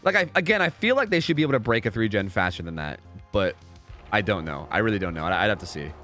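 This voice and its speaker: A man's voice: fairly low pitch, lively intonation, fast, pushed and bright, faint music behind. A young man casually commentating a game live on stream, rambling, repeating himself and swearing freely.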